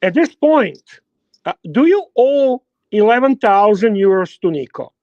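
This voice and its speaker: A man's voice: high-pitched, very animated, unhurried, no room sound, highs cut off. A man on a livestream panel who asks his questions with stammered repeats and apologizes for interrupting. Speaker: panelist asking the guest questions.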